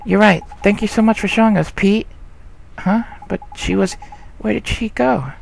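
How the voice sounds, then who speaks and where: Earnest young boy, a man voicing him, polite, slightly raised pitch. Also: normal speed, gravelly, slight background noise.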